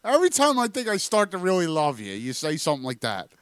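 A man's voice: a little high, huge pitch swings, fast talker, fairly bright tone, smooth, no echo. A man co-hosting a casual podcast chat, teasing the others with profane banter. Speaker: podcast co-host.

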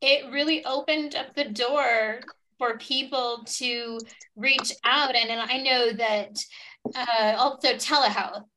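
A woman interviews a guest in a casual, enthusiastic and affirming way. Her voice is fairly high and very bright, with a forceful edge. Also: steady tone, slow, a little hiss or hum, rough recording. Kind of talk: casual conversation.

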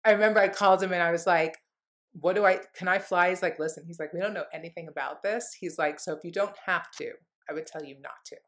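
A woman's voice: fairly low pitch, fast talker, fairly bright tone. A woman guest in an interview telling a candid personal story in an earnest, rambling way, full of "like" fillers. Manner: rambling, heavy use of "like" fillers; earnest, heartfelt.

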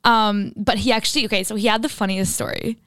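A young woman in casual chat, telling a story with lots of "like" and lively retellings. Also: medium pitch, fast, dry recording, clean studio sound. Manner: storytelling, animated retellings full of "like".

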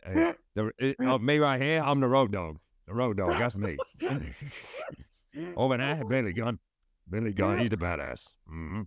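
A man putting on a slow, halting drawl as a dim-witted male wrestler. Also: deep voice, no echo, pitched below the performer's own voice.

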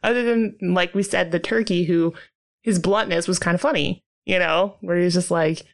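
A woman's voice: lowish voice, fairly even intonation, normal speed. Chatty laughing woman reviewing a film. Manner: chatty, laughing often, heavy use of "like". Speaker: podcast co-host reviewing a movie. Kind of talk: casual chat.

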